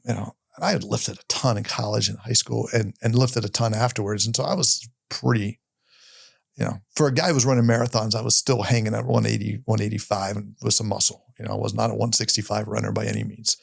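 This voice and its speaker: A middle-aged man, a podcast guest, telling a personal story in a candid, halting way, often restarting and repeating his words. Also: on the low side, vocal fry, no echo, clean studio sound. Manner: candid, occasionally swears.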